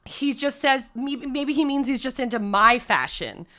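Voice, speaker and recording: Bright high-voiced woman telling a story. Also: unhurried. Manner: animated, swears freely, breaks into loud laughs. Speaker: streamer. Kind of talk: casual storytelling to chat.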